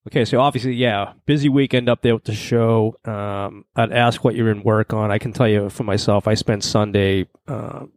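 A man hosting a casual hobby podcast, talking in a relaxed way with plenty of fillers. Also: on the low side, moderate pace, hardly any pauses, no room sound. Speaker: podcast host. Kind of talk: casual chat.

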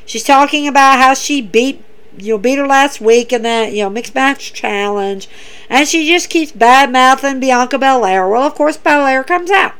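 High-pitched woman doing a casual podcast recap, chatty, keeps repeating herself, talks right to the listeners. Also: normal speed, a bit bright, clean tone. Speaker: podcast host.

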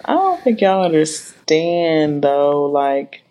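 A woman's voice: deep voice, big pitch swings, takes it slowly, dark tone, muffled recording. A woman co-hosting a podcast in a casual, laid-back chat, drawing out her thoughts and chuckling now and then. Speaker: podcast co-host.

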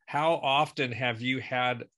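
A middle-aged man hosting a relaxed conversation, with a bright, forceful tone. He talks in an easy back-and-forth way, his pitch sitting in the middle. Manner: conversational, leading questions, brisk asides. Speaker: host. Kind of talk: casual interview.

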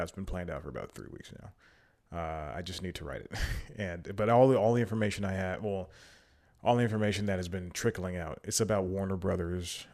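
A man's voice: sits low, a little mellow. A man hosting his own podcast, rambling casually with lots of fillers and self-corrections, a little out of breath. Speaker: podcast host. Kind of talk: casual solo podcast chat.

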